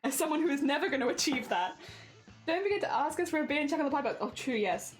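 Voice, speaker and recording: A woman's voice: high-pitched, expressive, fast talker, faint music behind. A young woman, chatting casually on a live stream, reading and answering chat with frequent laughs.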